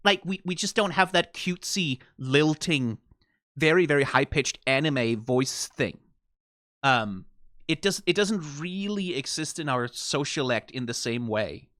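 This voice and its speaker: A man's voice: a little high, measured pace, dry recording, clean studio sound. A young man from Denmark with a Danish accent, chatting casually to his stream audience and acting out pronunciation examples as he explains. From Denmark, south of Funen. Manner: explains language points with lively spoken demonstrations. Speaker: streamer reacting to an anime episode. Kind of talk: casual chat to a live stream chat.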